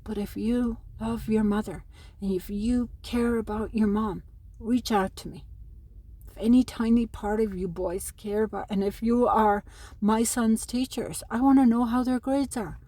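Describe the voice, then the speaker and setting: A woman's voice: a little high, fairly even intonation, a little slow, mellow, dry recording. A middle-aged Irish woman from Ireland, making an emotional plea straight to camera, aggrieved and pleading as she talks to her sons. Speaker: mother speaking to camera about custody. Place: at home in New Mexico.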